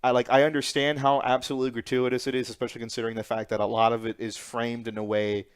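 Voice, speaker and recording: A man's voice: mid-range voice, level tone, fast talker, clean tone. A young man co-hosting a podcast, chatting casually and swearing freely as he retells scenes in quoted voices. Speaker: podcast co-host. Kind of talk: casual chat.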